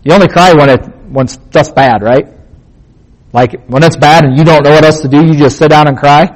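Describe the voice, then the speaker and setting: A man with a somewhat high voice teaches scripture in a casual sermon. He talks plainly, like he's chatting with friends, but keeps asking questions and repeating his key points for emphasis. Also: steady tone, a little fast, poor audio. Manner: rhetorical questions and emphatic repetition; plain conversational phrasing. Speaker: Bible teacher.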